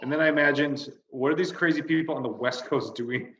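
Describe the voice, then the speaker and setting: A man's voice: a little high, brisk, background noise. A man co-hosting a comedy podcast, ranting and swearing in casual chat. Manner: swears a lot, ranting and exasperated. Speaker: podcast co-host. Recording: roomy, slightly dull sound.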